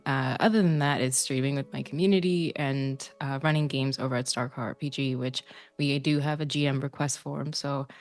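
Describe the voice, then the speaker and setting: A woman player giving a hesitant, halting farewell, close to tears, with many pauses and ums. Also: deep voice. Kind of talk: emotional outro chat.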